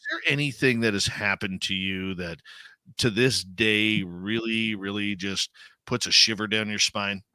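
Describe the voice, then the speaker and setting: Bright-voiced male radio host. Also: on the low side, unhurried, smooth, no room sound. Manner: casual, probing questions. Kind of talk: radio interview.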